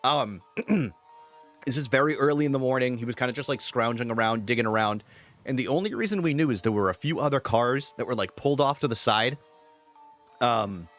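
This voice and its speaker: A man's voice: mid-range voice, normal speed, fairly bright tone, soft background music. A young man chatting casually on a live stream, greeting viewers and rambling with fillers.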